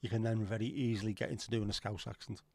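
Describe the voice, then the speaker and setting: A man's voice: on the low side, level tone, fast, warm tone, dry recording. A middle-aged man hosting a casual livestream, rambling, swearing now and then and answering chat comments. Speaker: livestream host.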